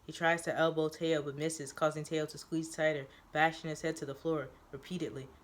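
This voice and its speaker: A man reading a first-person story aloud, describing the action in a steady, descriptive way. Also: on the high side, a little fast.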